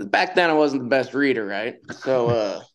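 A man's voice: medium pitch, animated, moderate pace, smooth, rough recording. A man, a retired bull rider, guesting on a podcast and telling stories in a laid-back way, often laughing. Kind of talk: casual storytelling.

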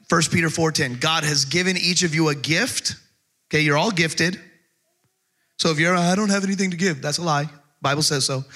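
A middle-aged man preaching a sermon as pastor, telling stories with humor and slowing down to stress scripture. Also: on the high side, sharp tone. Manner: conversational storytelling with humor.

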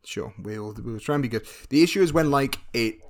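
A man's voice: medium pitch, a little fast. A young man co-hosting a casual comedic chat over a remote call, spinning absurd rants in a mock-serious tone. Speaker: podcast co-host.

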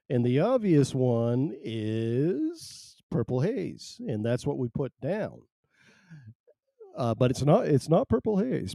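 A man's voice: medium pitch, dark tone, no echo, clean studio sound. A man hosting a casual live talk show, rambling and joking at his own expense as he greets listeners. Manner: rambling, jokey, self-mocking. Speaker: host.

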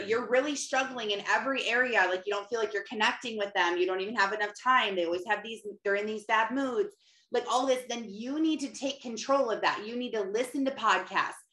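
A woman's voice: mid-range voice, a bit bright. A woman hosting a faith-based motivational talk, speaking earnestly and emphatically, with repeated urging phrases. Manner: earnest, emphatic, repetitive exhortation. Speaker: podcast host. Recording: echoey room.

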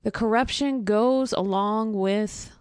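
A woman who is a guest in a casual interview, explaining earnestly and filling pauses with fillers. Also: mid-range voice, darkish tone, clear, resonant tone, no room sound, clean studio sound.

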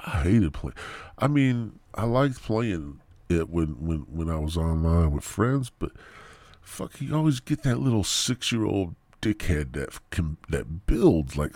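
Gravel-voiced crude podcast host. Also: male voice, lowish voice, a little mellow, dry recording. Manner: crude, rambling, swears constantly, mock-lectures kids. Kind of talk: profane comedic monologue.

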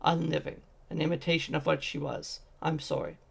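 A man's voice: fairly high pitch, flat delivery, a little fast, creaky, breathy edge, exaggerated voice. A man voicing a grieving ancient male wizard, speaking in a subdued, sorrowful way.

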